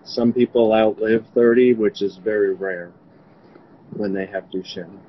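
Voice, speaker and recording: A man from New York speaking haltingly in an interview about grief, his voice often trailing off quietly. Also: steady tone, lo-fi sound, slight background noise. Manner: halting, grief-stricken, voice drops low. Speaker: interviewee, bereaved father. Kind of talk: remote interview.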